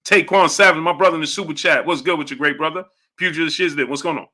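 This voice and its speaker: A man's voice: on the high side, fast, bright, forceful tone. A man hosting a boxing live stream, greeting viewers by name and laughing hard as he reads their comments. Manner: laughs hard between phrases. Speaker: boxing channel host.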